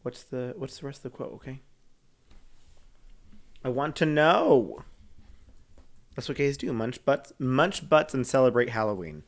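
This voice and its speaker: A man's voice: mid-range voice, expressive, measured pace, long pauses. Casting: playful, giggly man in his thirties, podcast co-host banter. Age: 30s. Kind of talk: casual chat.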